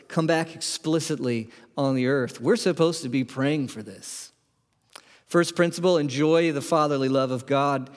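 A man's voice: a little high, big-room sound. A man preaching a sermon to his congregation, conversational and full of questions to the room. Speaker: pastor. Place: church sanctuary.

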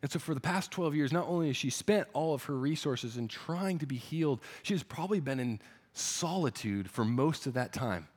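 A male preacher retells a story in an earnest sermon. He restarts his phrases often, and his voice is a little high for a man. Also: animated, normal speed, a little mellow. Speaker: pastor.

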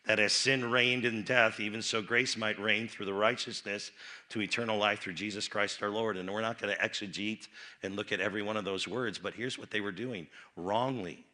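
Speaking at normal speed with fairly low pitch and fairly even intonation, a man preaches to a youth rally. He dips into quiet asides and climbs into loud, emphatic bursts, often repeating and restarting phrases.

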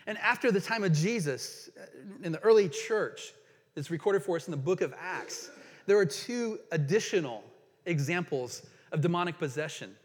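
A man preaches in a slightly high voice that rings through a church hall with a long reverb. He reads scripture passages aloud and then reflects on them as a pastor. He slows down for emphasis on key questions. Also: husky. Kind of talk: sermon.

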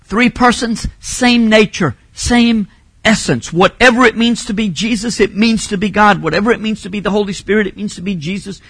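A man preaching a sermon as a pastor, teaching Bible points and rising to emphatic shouts on key phrases. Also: high voice, moderate pace, slightly rough, no room sound.

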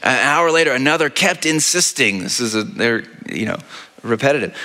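A man's voice: medium pitch, animated, moderate pace, pushed and bright. A man preaching a sermon as pastor, retelling a scripture story in a conversational way and often asking "right?". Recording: long reverb of a large hall.

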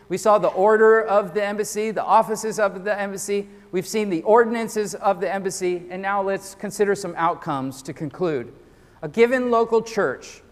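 A man preaching a sermon as a pastor, earnest and often repeating words as he starts sentences. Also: high-pitched. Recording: long hall reverb.

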